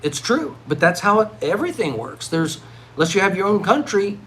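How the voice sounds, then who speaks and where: A middle-aged man vlogging live in a rambling monologue, swinging from loud, excited outbursts to low mutters. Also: brisk, a little hiss or hum, low-quality recording. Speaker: livestreaming vlogger.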